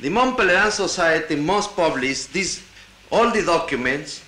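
Man, high voice, halting with restarts, conference speech, echoey 1960 hall tape. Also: expressive, pushed and bright. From Latin America. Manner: halting, with restarts and wry asides. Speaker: conference delegate. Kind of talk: conference speech, partly reading a paper aloud.

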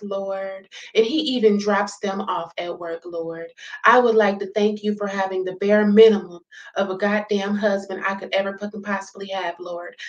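A woman's voice: medium pitch, muffled recording, voice pushed down, lightly acted. A woman imitating a smug wife who prays aloud in a falsely pious, profane way. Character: smug grateful wife praying aloud, mocked. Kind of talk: mocking impression in reaction commentary.

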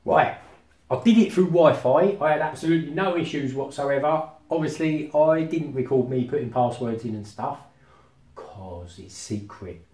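A man, vlogging casually as he sets up VR at home and talks to himself excitedly. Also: a little high, normal speed, far from the mic. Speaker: tech vlogger. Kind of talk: casual vlog commentary while setting up VR. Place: house with rooms on two floors. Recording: roomy home room, voice often off-mic.

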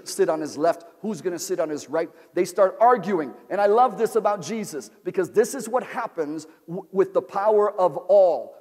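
A pastor preaches to his congregation in a high, ringing voice, repeating phrases and calling for amens as he builds to shouts. The sound carries a long reverb from the large church sanctuary where he stands. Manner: call-and-response preaching, repetitive, rising to shouts. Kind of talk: sermon.

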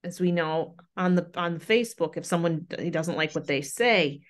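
A woman's voice: lowish voice, moderate pace. A woman guest, a grief counselor, earnestly recounting her experiences in a casual conversation. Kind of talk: casual chat.

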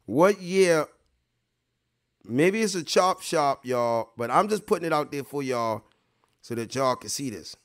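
A man's voice: fairly high pitch, expressive, measured pace. A man hosting a casual online livestream, talking straight to his viewers in a rambling, profane way and repeating himself for emphasis. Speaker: online show host.

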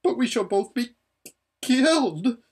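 A man putting on a squeaky, frightened young noblewoman. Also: animated, a little slow, husky, full character voice. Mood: whimpering. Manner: squeaky, tearful and fussy. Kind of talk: storybook read-aloud.

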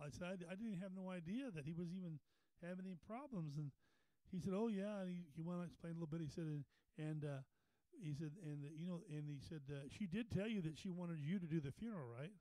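A man's voice: fairly high pitch, lively intonation, brisk, warm tone, dry recording, rough recording. A man preaching at a Bible study, telling a story in a folksy way with repeated words, rising into fervent preaching. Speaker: pastor. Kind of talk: storytelling sermon. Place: Bible study meeting room.

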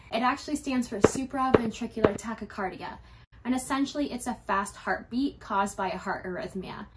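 A young adult woman candidly telling a personal story to her vlog viewers, conversational and lightly humorous. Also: on the high side. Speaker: YouTuber.

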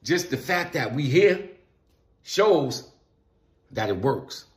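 A man's voice: mid-range voice, very animated, slow pace. A man vlogging a casual philosophical monologue, repeating phrases for emphasis and calling out to his viewers in loose slang. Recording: echoey room.

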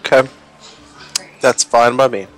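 A man with a mid-range voice speaking as his tabletop character, relaxed and agreeable. Faint music sits under his talk. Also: medium pitch, measured pace. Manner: easygoing, agreeable. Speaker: player. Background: faint background music.

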